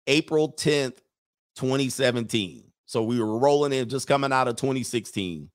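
A man's voice: medium pitch, fairly bright tone. A man hosting a show, giving a blunt, opinionated monologue to his viewers and acting out the voices of people he quotes.

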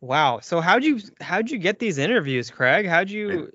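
A man's voice: sits high, very animated, a little slow, bright, forceful tone. Effusive mock-amazed podcast man. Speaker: podcast co-host. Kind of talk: casual comedy chat. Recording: slightly muffled lo-fi audio.

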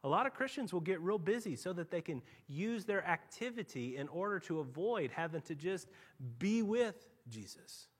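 Animated, high-voiced male preacher. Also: brisk, few pauses, breathy edge. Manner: animated storytelling, swinging from quiet asides to loud emphatic peaks. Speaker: pastor. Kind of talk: sermon. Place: church.

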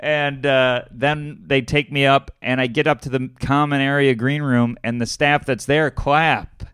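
Rambling comedian telling a story. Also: male voice, mid-range voice, fairly even intonation, unhurried, fairly bright tone, clean tone, no echo, clean studio sound. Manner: rambling storyteller, lots of fillers and laughs. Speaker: stand-up comedian. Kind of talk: casual chat.

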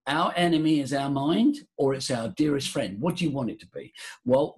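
A man talking as a voice coach guest in a podcast interview, leading a breathing exercise in a theatrical, animated way. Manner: animated, theatrical, jumps high for emphasis.

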